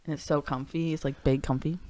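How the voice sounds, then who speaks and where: Low-voiced American woman, dry close sound. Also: fairly even intonation, fast talker, dark tone, dry recording. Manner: laid-back, giggly, swears freely. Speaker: podcast co-host. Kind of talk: casual chat.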